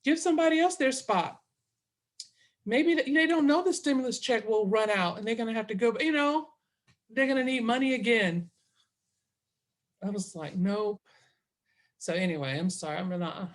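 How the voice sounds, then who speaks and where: A woman's voice: fairly high pitch, moderate pace, long pauses. Woman, middle-aged, chatty interview guest, acts out both sides of the story. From Southern US. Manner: animated, quotes herself and others in dialogue. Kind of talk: casual storytelling.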